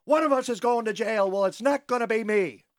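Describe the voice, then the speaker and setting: A man's voice: very high-pitched, fairly quick, dry recording, voice pushed up. A man voicing a cruel, miserly old banker in a radio comedy parody, snarling and gloating. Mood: furious.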